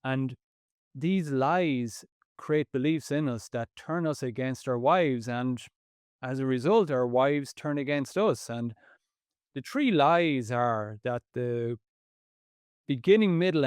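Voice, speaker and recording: A man's voice: medium pitch, slow, clear, resonant tone, no room sound, clean studio sound. A man co-hosting a marriage podcast, speaking earnestly and with emphasis, sometimes speeding up as he reflects. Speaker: podcast co-host.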